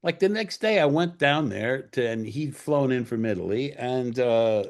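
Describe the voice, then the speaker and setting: A man in his sixties, a screenwriter being interviewed, unspools anecdotes in a loose, rambling way. He swears casually and trips over restarts and fillers. His voice sits at an ordinary middle pitch. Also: lively intonation, normal speed. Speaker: screenwriter and director, guest.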